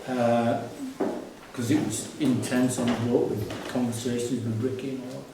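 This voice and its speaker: Recorded from a distance in an echoey gallery exhibition space, a man who is both artist and curator tells stories from his life in a loose, meandering gallery talk full of fillers and false starts. His pitch is medium, his tone level, and his pace moderate, with noise in the background.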